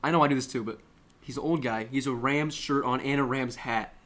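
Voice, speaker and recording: A man's voice: medium pitch, brisk. Young man telling rambling joking stories. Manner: rambling, joking, animated storytelling. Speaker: podcast co-host. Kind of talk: casual chat. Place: small room.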